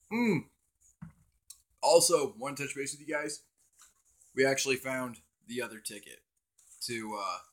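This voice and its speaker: A man's voice: medium pitch, sharp tone. A young man hosting a casual livestream on his cell phone, rambling and swearing as he talks to viewers in chat. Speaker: livestream host.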